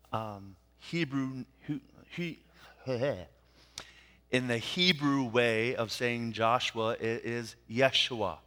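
A man preaching a sermon as pastor, speaking deliberately and repeating key phrases for emphasis. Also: mid-range voice, pushed and bright. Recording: reverberant hall.

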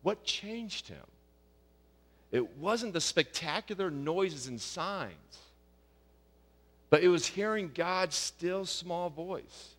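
A man preaching a sermon, rising loud and high on his questions and dropping soft and low for quiet passages. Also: lively intonation, slow, long pauses, big-room sound. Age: young adult or middle-aged, a father of young kids. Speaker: pastor.

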